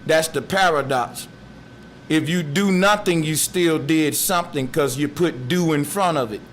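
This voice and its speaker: A man giving a slow, musing philosophical monologue in streetwise slang. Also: fairly high pitch, faint music behind. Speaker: speaker.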